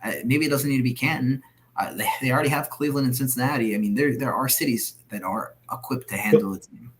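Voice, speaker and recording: A man's voice: medium pitch, fairly even intonation, quick pace. Earnest man arguing on a sports podcast. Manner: earnest, opinionated, argues his points steadily. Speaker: podcast co-host. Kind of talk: casual sports podcast chat.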